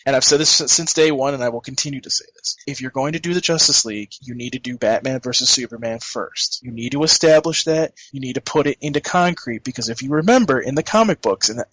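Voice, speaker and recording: A man's voice: mid-range voice, fast, few pauses, a bit bright. A man co-hosting a casual podcast chat with a mid-range voice. He talks in an emphatic, insistent way and keeps repeating himself to drive his point home. The sound is dry and close, with no room echo. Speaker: podcast co-host.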